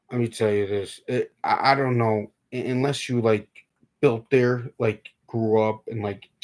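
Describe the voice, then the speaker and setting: A young man from New York talking casually on a live stream, rambling, stumbling over repeated words and answering viewers. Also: mid-range voice. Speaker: livestream host.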